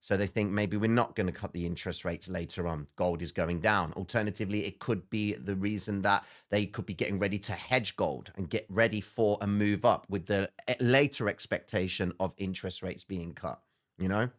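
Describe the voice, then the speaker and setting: A man of Greek origin hosting a live market stream, talking in an animated, excitable way that jumps high when he gets worked up. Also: fairly quick. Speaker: livestream market analyst host. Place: indoor studio under bright lights.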